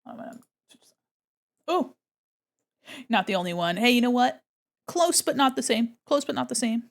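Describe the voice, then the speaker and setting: A woman's voice: a little high, big pitch swings, normal speed, creaky. Chatty American woman streamer. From United States. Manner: chatty, self-deprecating, answers chat with frequent laughs. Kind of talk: casual livestream chat while drawing.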